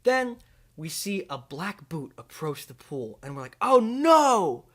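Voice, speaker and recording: A young man hosting a comedy video, pitching an absurd movie in a rambling, deadpan way full of fillers. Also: unhurried, slightly rough.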